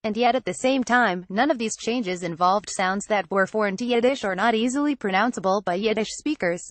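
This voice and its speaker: A woman reading a written article aloud in a measured, even way. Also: mid-range voice, dry recording. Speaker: reader.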